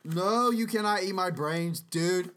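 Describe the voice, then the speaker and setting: A man's voice: high-pitched, unhurried, a bit bright, a little hiss or hum. A man hosting a casual solo podcast, rambling profanely and slipping into sing-song freestyle rap into a podcast mic. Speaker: podcast host.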